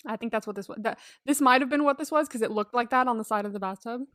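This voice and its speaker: A woman's voice: fairly high pitch, quick pace, fairly bright tone, no echo, studio quality. A woman co-hosting a podcast, chatting casually and expressively, often laughing and exclaiming. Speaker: podcast co-host. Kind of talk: casual recap chat.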